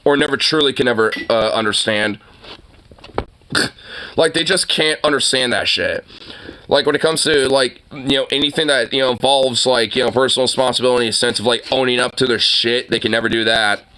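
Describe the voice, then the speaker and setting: Forceful, fast-rambling ranting man. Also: mid-range voice. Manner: rambling, heavy filler words, frequent mocking laughter. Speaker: online commentator. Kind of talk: profane political rant.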